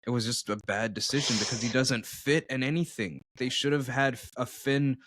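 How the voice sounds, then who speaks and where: A man's voice: mid-range voice, steady tone, fairly quick, fairly bright tone, no room sound. A man co-hosting a casual podcast, sharing his opinions with enthusiasm. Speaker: podcast co-host. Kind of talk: casual chat.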